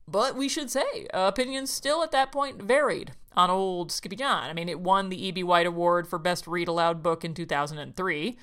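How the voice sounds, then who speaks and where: A woman's voice: fairly low pitch, normal speed, hardly any pauses, fairly bright tone, clean tone. A woman hosting a podcast, chatting casually about a picture book, laughing often and reading quotes aloud. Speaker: podcast host.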